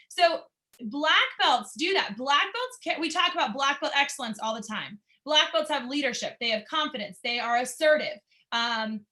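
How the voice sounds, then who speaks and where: Bright high-voiced woman teaching a class. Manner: upbeat, encouraging, asks the class questions. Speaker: martial arts instructor. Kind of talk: class talk to students.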